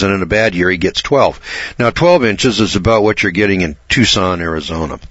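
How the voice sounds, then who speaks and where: An American man hosting a talk radio show, rambling and emphatic in a folksy way, often clearing his throat. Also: deep voice, fairly bright tone, dry recording, muffled recording.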